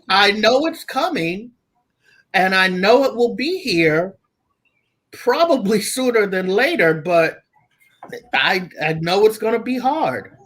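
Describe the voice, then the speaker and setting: A man talking as a guest father, reflective and halting, with frequent restarts. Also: high voice, animated, a bit bright. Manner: slow, thoughtful, halting with restarts. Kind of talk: reflective casual talk.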